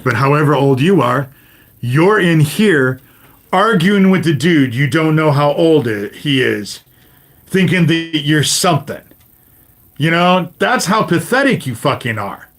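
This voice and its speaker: Speaking at a measured pace, this livestream host in his fifties has a high-leaning, expressive, fairly bright voice. He launches into a profane rant aimed directly at his chat, cursing constantly and tacking "you know?" onto the ends of his lines.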